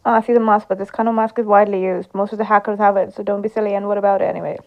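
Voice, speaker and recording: A woman's voice: mid-range voice, level tone, rapid-fire. A woman playing an interactive story game and reading its dialogue aloud, giving every character her own voice. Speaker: gameplay streamer. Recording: slightly dull lo-fi sound.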